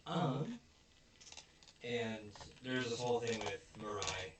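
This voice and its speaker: Speaking slowly in a fairly low voice, a man who co-hosts a podcast goes over a show episode in a relaxed way, acting out characters' quotes with animation. The background is noisy, the mic sits far away, and the room echoes.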